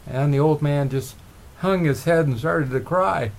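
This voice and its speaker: A middle-aged man telling motivational stories in a relaxed, rambling way, with frequent restarts. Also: a little high, unhurried, gravelly. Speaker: motivational speaker. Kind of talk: motivational storytelling.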